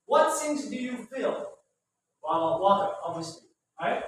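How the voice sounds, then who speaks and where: The man's very high voice swings widely in pitch at a normal speed as he teaches a class English vocabulary. He's patient and repetitive, often checking in with "right?", and the recording is very echoey, distant from the mic, and faintly noisy.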